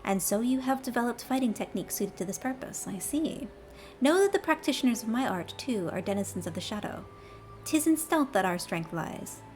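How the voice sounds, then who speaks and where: A woman's voice: fairly high pitch, expressive, fairly quick, a little mellow, faint music behind, lightly acted. A woman voicing a dignified female ninja from afar, with stately, old-fashioned formal speech, reading game dialogue aloud. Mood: earnest formal.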